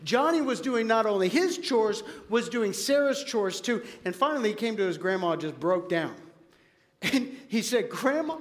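A pastor, a man, delivering a sermon in a notably high voice. He tells stories with energy, acting out quoted lines, then drops low and earnest to press his point home. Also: normal speed. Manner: animated storytelling, acts out quoted voices; drops to quiet, earnest tone for application.

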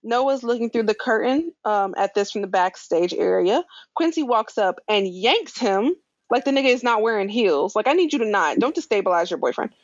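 A woman talks through a show recap in an easygoing, animated way, dropping slangy asides as she goes. The recording is dry and slightly dull. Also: medium pitch, moderate pace, no echo. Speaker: podcast co-host recapping a show. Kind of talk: casual chat.

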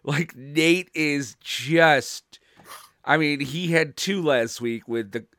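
A man's voice: on the high side, slow, a bit bright, no room sound. Joking male podcast co-host. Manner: joking, riffs on voices. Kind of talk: casual chat.

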